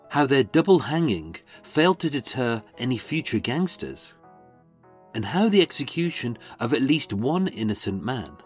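A man with a Birmingham accent narrating a true-crime walking tour as its host, sardonic and sweary, with dramatic pauses. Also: mid-range voice. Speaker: podcast host and tour guide.

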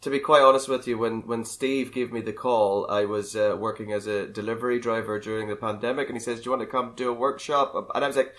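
A man, an actor, talking about his role in a relaxed, chatty way. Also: medium pitch, quick pace, hardly any pauses. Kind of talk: casual interview.

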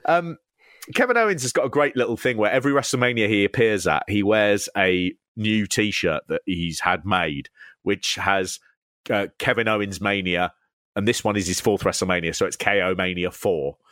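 A man co-hosting a podcast, talking in a wry, animated way and slipping into mock voices for quotes. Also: lowish voice, moderate pace, no echo, studio quality. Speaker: podcast co-host. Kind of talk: casual chat.

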